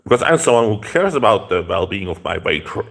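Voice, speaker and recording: A man telling a story in a casual rant, rambling with halting restarts and profane outbursts. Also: on the low side, big pitch swings, gravelly.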